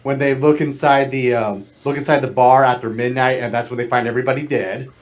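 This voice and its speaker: A man's voice: medium pitch, fairly even intonation, a little fast. A man co-hosting a casual podcast chat, explaining plot points hesitantly with many fillers and restarts. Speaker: podcast co-host.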